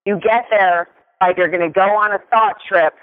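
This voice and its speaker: A man's voice: sits high, fairly even intonation, moderate pace. A man giving a motivational talk, telling a story with emphatic delivery and often asking "right?". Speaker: motivational speaker. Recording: tinny phone-like sound with long reverb.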